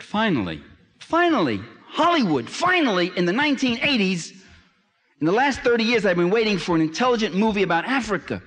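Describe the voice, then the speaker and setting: A man's voice: mid-range voice, a little mellow, long reverb tail. A man giving a public lecture in an emphatic, sarcastic manner that rises to impassioned.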